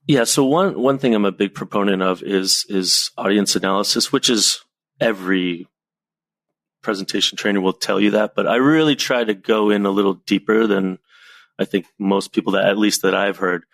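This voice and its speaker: A man coaching on presentations, telling lively anecdotes as a podcast guest. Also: lowish voice, normal speed, creaky, dry recording. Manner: lively storyteller, animated anecdotes. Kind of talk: casual podcast conversation.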